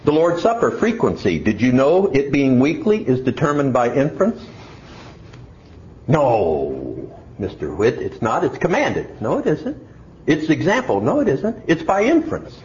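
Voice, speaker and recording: A man's voice: mid-range voice, a little mellow. A man preaching a sermon, putting mock questions to himself and answering them. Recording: echoey, dull lo-fi room recording.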